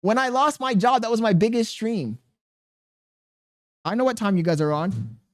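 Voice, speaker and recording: A man's voice: high-pitched, expressive, moderate pace. A man livestreaming in casual chat, reading his viewers' messages aloud and muttering to himself in an exasperated, profane way.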